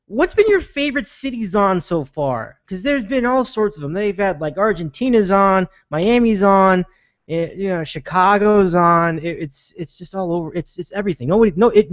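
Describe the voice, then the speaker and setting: A man's voice: high-pitched, no room sound. A man hosting a sports podcast in casual chat, rambling with lots of restarts and fillers. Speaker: podcast host. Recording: dull lo-fi sound.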